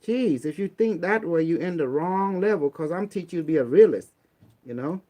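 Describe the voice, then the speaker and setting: A man's voice: a little high, animated, a little fast, mellow. Blunt streetwise man giving preachy advice. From Cambodia. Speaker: online talk host. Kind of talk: casual motivational talk.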